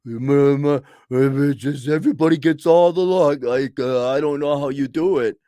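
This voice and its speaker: A man's voice: a little high, moderate pace, warm tone, no room sound, clean studio sound, close to an everyday voice. A man putting on the voice of an envious, smug suburban homeowner, in a mocking, sneering impression.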